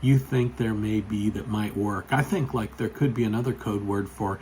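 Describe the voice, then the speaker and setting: A man's voice: lowish voice, normal speed, a little hiss or hum, poor audio. Chatty man telling a story. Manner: chatty, rambling, with frequent fillers; gets loud and excited when telling the story. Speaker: vlogger. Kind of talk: casual storytelling to camera.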